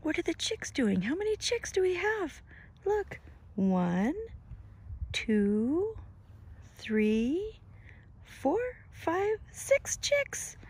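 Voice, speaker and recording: A woman reading a picture book aloud to young children, asking them coaxing questions in a sing-song voice and sometimes dropping to a breathy whisper. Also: very high-pitched, sing-song, extremely slow, long pauses, a little mellow. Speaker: storytime reader.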